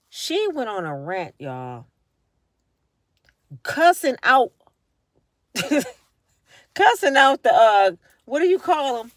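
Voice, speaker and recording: An animated woman dishes casual commentary to her viewers, her pitch leaping around as she acts out other people's lines. Her voice sits fairly high and the recording is dry and close. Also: slow, long pauses, no room sound. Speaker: vlogger.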